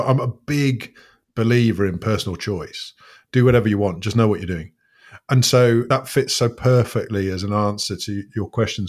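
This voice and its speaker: A man working as a coach, explaining his ideas in a thoughtful conversational way, often restarting his sentences. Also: fairly low pitch. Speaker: guest coach.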